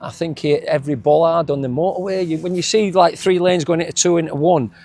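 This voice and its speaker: Husky Yorkshire man reminiscing. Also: fairly high pitch, fast, darkish tone. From England. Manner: rambling, many restarts and chuckles. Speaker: former footballer guest. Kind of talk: casual reminiscing interview.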